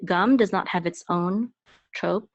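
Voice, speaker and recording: A woman teaching Hebrew letters step by step, patient and explaining with fillers, breaking into high chanting for words. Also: measured pace, no room sound. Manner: chants words in a much higher, louder voice. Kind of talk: step-by-step Hebrew reading lesson. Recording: dry, dull lo-fi sound.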